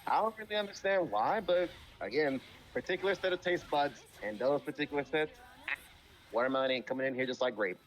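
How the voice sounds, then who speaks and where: A man's voice: on the high side, lively intonation, fast talker. A man in casual chat on a live stream, talking bluntly and emphatically with plenty of swearing.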